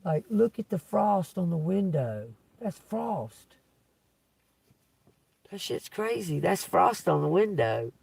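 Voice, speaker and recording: Slow, creaky man musing aloud. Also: high voice, sing-song, darkish tone, dry recording, distant mic. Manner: slow, musing, spells out letters, swears casually. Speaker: psychic reader live-streaming. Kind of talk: live-stream reading of letter signs. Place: inside a parked car.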